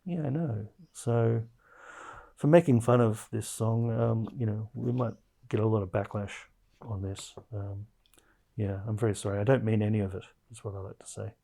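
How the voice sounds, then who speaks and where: A man's voice: on the low side, steady tone, moderate pace, creaky, dark tone. A man hosting a comedy podcast, chatting in a wry, loose way with plenty of fillers. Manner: wry, hesitant with many fillers. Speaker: podcast host. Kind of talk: casual comedic podcast chat.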